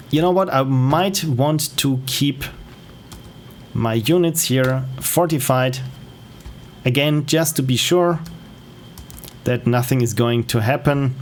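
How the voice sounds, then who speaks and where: A man's voice: mid-range voice, a little hiss or hum. A man with a German accent giving casual, think-aloud commentary as he plays a strategy game on stream. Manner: thinking aloud, with frequent fillers and self-corrections.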